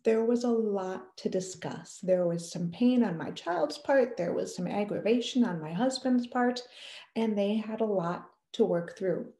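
A woman's voice: medium pitch, unhurried, dark tone, echoey room. A woman in her thirties giving earnest parenting advice, explaining a family conversation step by step. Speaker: parenting educator. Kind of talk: advice talk to camera.

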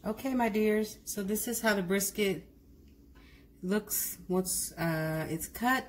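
Her voice sits in the mid-range and she takes her time, with a little hiss or hum in the audio. As a cooking vlogger, she demonstrates a dish in a relaxed, chatty manner, correcting herself often and speaking to viewers directly.

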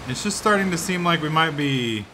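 A young man giving sarcastic, profane let's play commentary, swinging between muttering and excited shouting. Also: a little high, normal speed, noisy background. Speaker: gaming commentator.

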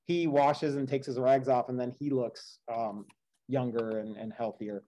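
A man's voice: mid-range voice, steady tone, unhurried, warm tone, low-quality recording. A man reading an epic poem aloud as a teacher, breaking off for casual, chatty commentary. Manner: casual, chatty asides with fillers. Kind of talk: read-aloud with classroom commentary.

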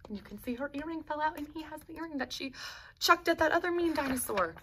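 A woman teacher reading a children's picture book aloud, expressive, adding explaining asides to young pupils. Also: high-pitched, quick pace, slight background noise.

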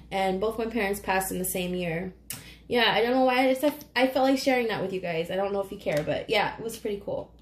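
A woman's voice: a little high, darkish tone. Chatty woman tarot reader in echoey room. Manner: chatty, emotional, swears casually, keeps saying "you guys". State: choked up, near tears. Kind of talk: casual tarot reading to camera.

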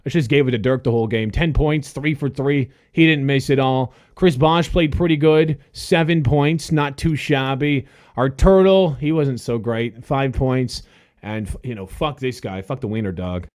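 A young man commentating his own basketball video game, excitable and swearing, shouting at the players. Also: a little high. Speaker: gaming host. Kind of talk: gameplay commentary. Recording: faint music behind.

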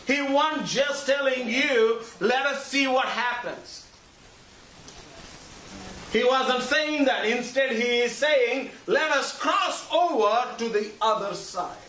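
A man's voice: very high-pitched, slow, sharp tone. A male pastor preaching a sermon, working the congregation with repeated, emphatic lines and frequent calls for agreement. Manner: call-and-response preaching, asks congregation for agreement; repetitive, emphatic phrasing. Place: church sanctuary. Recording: echoey church hall, mic far off, faint hiss.

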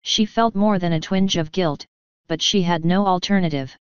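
Low-voiced woman reading a story aloud. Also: moderate pace, smooth, no room sound. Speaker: fanfiction reader. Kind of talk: audiobook narration. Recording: dull lo-fi dry recording.

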